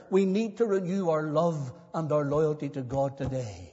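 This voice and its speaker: A man's voice: on the high side, normal speed, hardly any pauses, dark tone, breathy edge. A male pastor preaching a sermon in a church, earnest and building to emphatic repetition. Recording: long church reverb, dull lo-fi sound.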